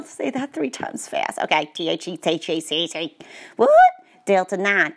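A woman reading technical text aloud, with playful, sarcastic asides. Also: fairly low pitch. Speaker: vlogger. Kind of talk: joking read-aloud commentary.

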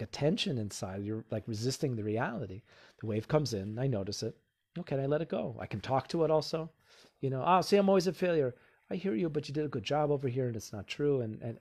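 A man's voice: medium pitch, darkish tone, breathy edge. A man acting as a relationship coach gives casual self-help advice. He talks conversationally, with many fillers such as "you know.". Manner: acts out inner voices in quotes.

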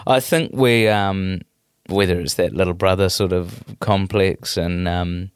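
A middle-aged man with a New Zealand accent, a comedian chatting in an interview in a rambling, animated way with many restarts. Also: sits low, unhurried, clean tone, dry recording, clean studio sound. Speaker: comedian, guest. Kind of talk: casual interview chat.

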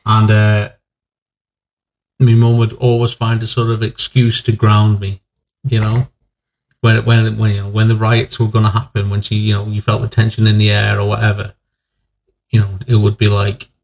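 Low-voiced man telling stories and laughing. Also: monotone, moderate pace, vocal fry, muffled recording. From England, raised in Northern Ireland. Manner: rambling storyteller, swears and laughs often. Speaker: podcast guest, army veteran. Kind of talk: casual chat.

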